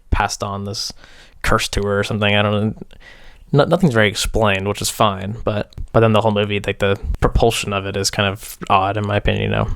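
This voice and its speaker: A man's voice: lowish voice, a bit bright, smooth, dry recording, studio quality. A young man casually reviewing films as host, rambling with fillers in a wry, dismissive way. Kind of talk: casual film review chat.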